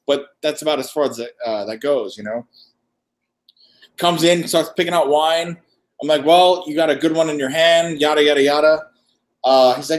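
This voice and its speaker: A man chats casually on a live stream, his voice sitting a bit high. He tells stories with energy and acts out each exchange himself. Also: normal speed. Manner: animated storyteller, acting out dialogue. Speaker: co-host. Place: wine shop after hours, dim lighting.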